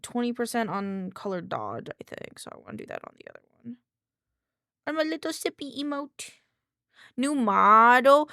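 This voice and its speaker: A woman streamer chatting casually and excitably on a live stream, often answering her chat, into a desk microphone. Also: on the high side, no room sound, clean studio sound.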